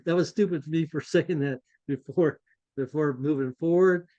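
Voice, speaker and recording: A podcast co-host tells a story in an animated, self-deprecating style. His voice rides a touch higher than most men's and he laughs at his own misadventures. The audio is muffled and lo-fi, lacking crispness. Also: unhurried. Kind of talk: casual anecdotal storytelling.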